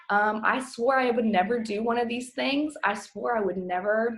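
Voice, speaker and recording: A woman's voice: on the high side, moderate pace. A woman in her thirties coaching her team from home over a video call, earnest and emotional, choking up at times, talking casually with lots of fillers. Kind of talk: motivational talk on a video call.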